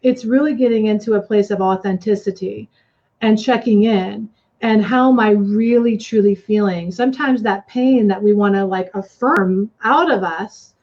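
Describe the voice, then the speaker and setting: Expressive woman coach, lo-fi recording. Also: medium pitch, normal speed. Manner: earnest, expressive, punchy phrasing. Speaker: life coach guest. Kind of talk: casual interview talk. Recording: slightly dull lo-fi sound.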